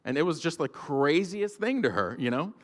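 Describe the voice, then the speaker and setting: A man's voice: a little high, very animated, normal speed. Man preaching in a reverberant hall. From Georgia, US. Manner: casual, storytelling, filler-heavy. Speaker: pastor. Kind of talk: sermon. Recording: long church-hall reverb.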